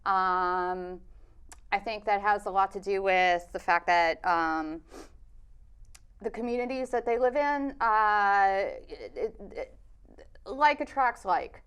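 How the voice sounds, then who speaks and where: A woman filmmaker answering interview questions in a thoughtful, measured way, pausing on fillers. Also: mid-range voice, fairly bright tone, clean tone. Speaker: documentary filmmaker, interview guest.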